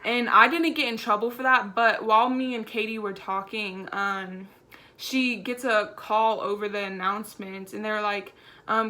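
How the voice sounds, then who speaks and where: A young woman telling a storytime vlog in a chatty, animated way, full of "like". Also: medium pitch, normal speed. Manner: chatty and animated, heavy use of "like". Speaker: vlogger.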